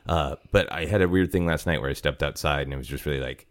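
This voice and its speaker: Very deep-voiced man hosting a podcast. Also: fast talker, few pauses. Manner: rambling, self-deprecating, laughs often. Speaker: podcast host. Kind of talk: casual chat. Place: home apartment.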